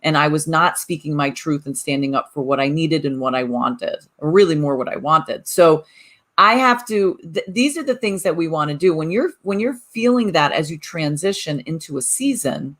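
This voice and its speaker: Lower-pitched woman co-hosting a podcast. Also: moderate pace. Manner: animated, repeats words when restarting. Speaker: podcast co-host. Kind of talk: casual chat.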